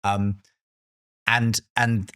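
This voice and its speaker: A man's voice: lowish voice, little pitch movement, very slow, sharp tone, smooth, no room sound, clean studio sound. A man hosting an interview, asking long, rambling questions with many restarts. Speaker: podcast host. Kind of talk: interview conversation.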